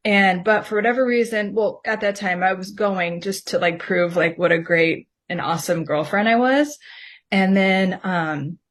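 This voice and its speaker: A woman's voice: medium pitch, moderate pace. A woman guest on a podcast, candidly telling her personal story and acting out her past self in mocking quoted asides.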